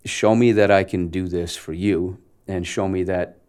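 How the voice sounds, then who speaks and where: A man from Canada in his forties speaks in a low, deep voice. He tells a story in a casual interview and acts out the dialogue with plenty of energy, laughing now and then. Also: steady tone, moderate pace, a little mellow, smooth. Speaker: actor guest.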